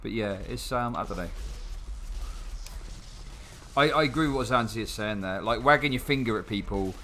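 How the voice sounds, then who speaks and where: A man's voice: medium pitch, normal speed, pushed and bright, slight background noise. A young man chatting casually and sarcastically while playing a game, swearing often and rambling with restarts. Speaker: gaming channel host.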